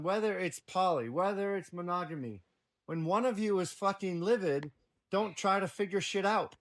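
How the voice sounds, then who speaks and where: A man talking as a podcast guest in casual conversation, blunt and profane, telling stories with energy. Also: a little high. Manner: blunt and profane, lively storytelling.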